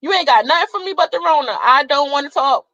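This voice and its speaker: Young woman, fiery profane rant, high-pitched, dry close sound, slightly dull audio. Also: animated, fast talker, pushed and bright, dry recording. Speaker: vlogger. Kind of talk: casual ranting monologue.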